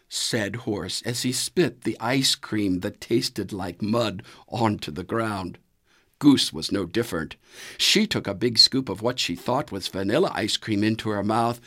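Slow, expressive male storyteller. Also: on the low side. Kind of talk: children's story reading. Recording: soft music underneath. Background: faint music.

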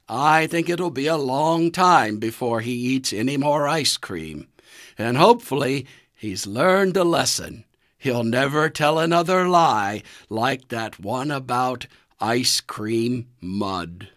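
A man reading a children's story aloud in an expressive storytelling manner. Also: mid-range voice, slow. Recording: soft music underneath. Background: faint music.

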